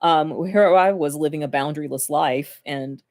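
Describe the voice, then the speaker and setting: A woman's voice: sits low, normal speed, a little mellow. A woman talking casually to the camera, reflecting fondly and laughing between her thoughts. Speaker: vlogger.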